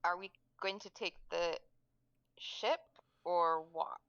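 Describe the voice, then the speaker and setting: Low-voiced woman on a dry, dull mic. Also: fairly even intonation, takes it slowly, fairly bright tone, clean tone, dry recording. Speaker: player. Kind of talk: tabletop game chat.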